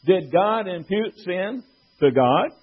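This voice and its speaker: A man's voice: sits high, lively intonation, slow pace, slightly rough. A man teaching from the Bible, making an argument and quoting scripture with rhetorical questions. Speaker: preacher. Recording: dull lo-fi recording.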